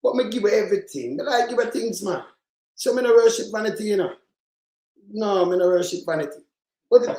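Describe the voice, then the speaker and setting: A man with a Jamaican accent rants angrily about politics on his own channel, rambling in patois-laced speech and swearing often. His voice sits high and is a little mellow, and the sound is roomy and echoey.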